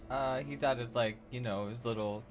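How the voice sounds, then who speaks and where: A man's voice: medium pitch, fairly even intonation, normal speed. A man playing a tabletop game, joking and rambling as he speaks in character. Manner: jokey, laughing, rambling in character. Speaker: player. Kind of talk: casual tabletop roleplay.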